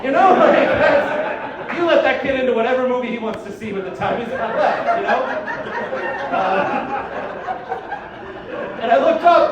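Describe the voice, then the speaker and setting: A man performs stand-up in a very high voice, profane and self-mocking, chuckling at his own punchlines. The room is very echoey, and he sounds a bit far from the mic. A clear layer of noise sits under the recording. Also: highs cut off. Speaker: stand-up comedian. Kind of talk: stand-up set. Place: comedy club stage. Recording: echoey club recording, heard from a distance, with noise. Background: audience laughter.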